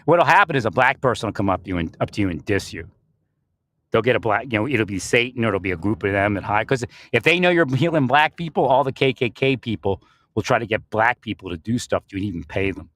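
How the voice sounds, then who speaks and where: A man's voice: fairly low pitch, animated, fast talker, fairly bright tone. A man giving a rambling spiritual monologue, often breaking into laughter and restarting his sentences. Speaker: spiritual speaker.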